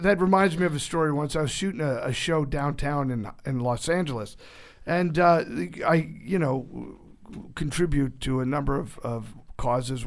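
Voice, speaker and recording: A man being interviewed, telling joking anecdotes in a casual, animated way, often interrupting himself mid-sentence. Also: medium pitch. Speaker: actor guest.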